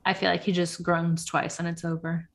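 Young woman gossiping on a podcast, lowish voice, says like constantly. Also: little pitch movement, normal speed. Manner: chatty, gossipy, full of "like". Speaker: podcast co-host. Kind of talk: casual chat recapping reality TV.

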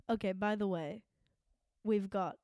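A woman co-hosting a podcast in casual chat, animated and emphatic, laughing often. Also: medium pitch, slow pace, dry recording. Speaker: podcast co-host.

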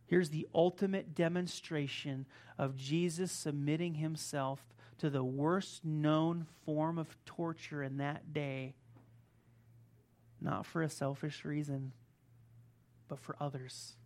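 A man's voice: on the high side, fairly even intonation, slow pace, a little mellow. A man preaching a sermon, reading scripture aloud and commenting on it, talking emphatically and straight to his listeners.

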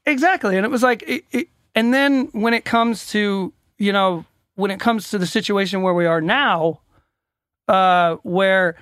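A man's voice: high-pitched, a little slow, a bit bright, no echo, clean studio sound. A man co-hosting a casual talk show, asking questions and often repeating words as he gathers his thoughts. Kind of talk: casual chat.

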